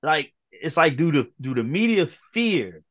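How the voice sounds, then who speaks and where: A man's voice: on the high side, big pitch swings, measured pace, fairly bright tone. A man co-hosting a podcast, talking football casually and musing aloud with questions. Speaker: podcast co-host. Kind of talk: casual sports talk.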